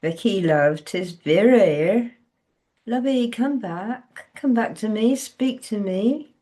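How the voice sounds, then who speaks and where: A woman reading aloud, voicing a tender older countrywoman with a broad rural dialect who speaks slowly and soothingly. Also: medium pitch, animated, warm tone, pitched above the performer's own voice. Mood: coaxing. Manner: slow, soothing, coaxing.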